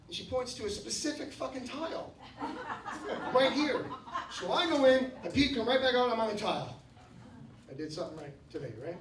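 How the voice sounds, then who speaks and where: A man in his fifties telling stories in a stand-up comedy set, breaking into shouted rants. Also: sits high, sing-song, moderate pace, a crowd in the background. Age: 50s. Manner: storytelling, bursts into shouted rants. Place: comedy club stage. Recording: roomy club sound from a distance. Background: audience laughing.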